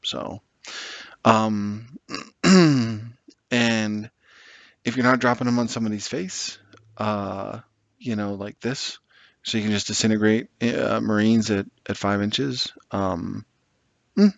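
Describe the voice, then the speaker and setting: A man's voice: on the low side, steady tone, takes it slowly, gravelly, long pauses, a bit bright, no echo, muffled recording. A man rambling sarcastically and with exasperation as he builds a tabletop wargame army list, swearing now and then. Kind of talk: casual commentary while building an army list.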